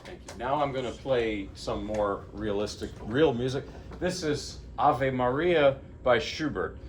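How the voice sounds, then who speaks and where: A man's voice: mid-range voice, a little slow, noisy background. A man from New Jersey who plays piano chats informally between pieces in a small, living-room-like recital room. He rambles, breaks off his own sentences and keeps a lighthearted tone. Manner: chatty, rambling, self-interrupting, lighthearted. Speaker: pianist giving a lecture-recital. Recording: distant mic with faint room ambience.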